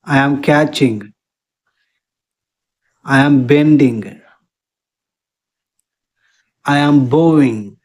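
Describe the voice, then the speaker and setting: Slow, measured vocabulary drill voice. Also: medium pitch. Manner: slow, even, one short sentence at a time. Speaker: spoken English teacher.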